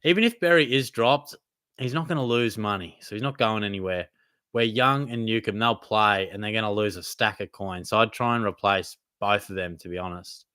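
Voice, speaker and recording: A young Australian man runs a casual live stream Q&A, fielding viewers' fantasy football questions in a laid-back, blokey style and calling them mate. His fairly low voice is brisk, clear and resonant, with no echo.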